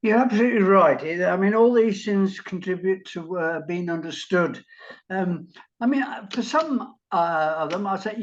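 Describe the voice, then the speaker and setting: A man's voice: high-pitched, expressive, normal speed. Guy who's hard of hearing telling stories on a video call, laughs a lot, muffled lo-fi sound. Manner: chatty, laughs at his own stories. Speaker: volunteer English helper, guest. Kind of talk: casual conversation on a video call. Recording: dull lo-fi call audio.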